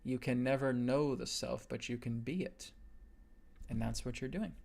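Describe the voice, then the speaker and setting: A man hosting a live stream and giving a spiritual teaching in an earnest, repetitive way, with frequent "right?" checks. His voice sits at a middle pitch with a gravelly edge. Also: normal speed, darkish tone.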